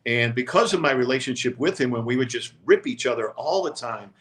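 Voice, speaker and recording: Older sportscaster telling stories. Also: male voice, mid-range voice, expressive, a little fast, a bit bright. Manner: reflective, regretful storytelling with quoted voices. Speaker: sports talk show co-host. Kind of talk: casual storytelling chat.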